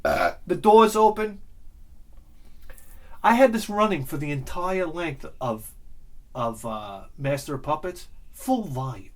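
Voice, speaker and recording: A man talking in a rambling, excitable monologue about music, swearing freely and swinging between loud bursts and low muttering. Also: takes it slowly, pauses often. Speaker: music and audio vlogger.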